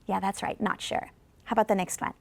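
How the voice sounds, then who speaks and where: Encouraging woman teacher, slightly gravelly. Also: mid-range voice, flat delivery, dry recording. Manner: slow, carefully drawn-out model sentences for repetition; encouraging, coaxes replies from viewers. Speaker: ESL teacher. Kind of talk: scripted classroom lesson. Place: studio.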